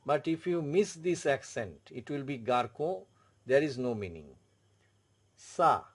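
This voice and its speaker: A man with an Indian English accent teaching a French lesson, explaining slowly and repeating words and spelled-out letters. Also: mid-range voice, sing-song. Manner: slow, repetitive, spells out letters. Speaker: French tutor. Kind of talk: classroom explanation.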